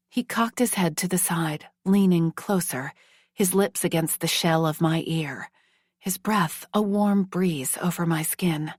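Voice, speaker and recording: A woman narrating a first-person romance audiobook in a slow, hushed, measured reading. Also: on the low side, dry recording, clean studio sound.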